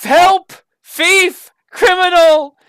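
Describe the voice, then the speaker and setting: A woman voicing an enchanted staff that shrieks like an alarm, crying out in a shrill, high, panicked voice. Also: fairly even intonation, drawn-out words, dry recording, full character voice. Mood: panicked shrieking. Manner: high shrill repeated shouting.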